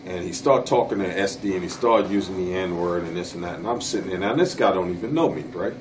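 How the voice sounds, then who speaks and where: A man's voice: low-pitched, fast, far from the mic, background noise. A man who wrestled professionally, telling road stories in an interview, blunt and plain-spoken with casual dialect grammar. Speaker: interviewee, former pro wrestler. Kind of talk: casual storytelling in a shoot interview.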